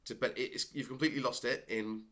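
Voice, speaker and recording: A man narrating as game master of a tabletop game, animated and laughing, adding sound effects. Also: medium pitch, fast talker.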